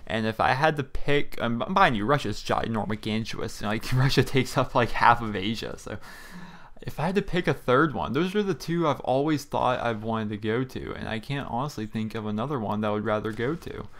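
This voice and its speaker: A man's voice: mid-range voice, lively intonation, moderate pace, fairly bright tone. Young man, gaming youtuber, casual rambling commentary, filler words, small home room. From Pennsylvania, US. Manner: rambling, chatty, frequent fillers. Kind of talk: casual commentary over gameplay.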